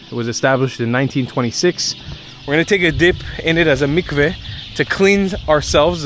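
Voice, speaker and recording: A man's voice: medium pitch, fairly bright tone. Chatty young man vlogging outdoors over music. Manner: chatty and candid, swears casually. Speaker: travel vlogger. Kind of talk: casual travel vlog talk. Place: outdoors in countryside by a spring. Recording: music playing underneath the voice.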